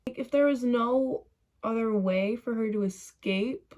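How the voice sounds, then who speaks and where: At her ring-lit bedroom vanity, a young woman puts on makeup and talks through a relaxed vlog, wandering into tangents and leaning heavily on "like." She has a fairly high, slightly mellow voice and talks a little slowly.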